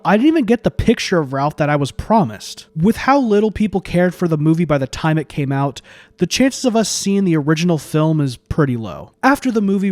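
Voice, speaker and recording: A man's voice: fairly high pitch, a little mellow, no room sound. A man who critiques films on video, delivering scripted commentary in a sarcastic, profane way. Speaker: YouTube film critic.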